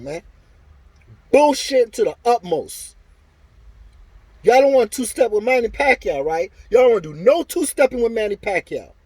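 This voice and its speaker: Here a boxing commentary vlogger gets angry on camera, swearing and repeating himself as he airs his opinions heatedly. The man's voice is high, a little mellow yet slightly rough, and the recording is dry.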